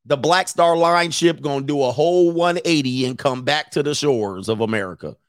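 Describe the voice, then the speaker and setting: Casting: male host, casual stream commentary, joking and animated, dry close mic. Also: fairly high pitch, normal speed, dry recording. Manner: joking, animated riffing with laughs. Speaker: show host reading chat.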